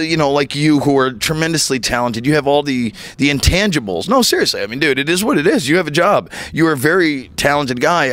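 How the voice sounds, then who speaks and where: A man with a smooth, resonant voice hosting an interview show. He talks casually, with plenty of fillers, and praises his guest openly. The recording is close and dry. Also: on the high side, no echo. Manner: relaxed, uses fillers, warmly praises guest. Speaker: host.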